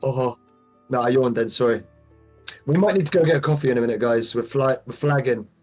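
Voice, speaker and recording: A man's voice: medium pitch, brisk, darkish tone, faint music behind. Laid-back man on a muffled mic. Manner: laid-back, laughs easily, says mate. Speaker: co-streamer. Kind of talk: casual live-stream chat.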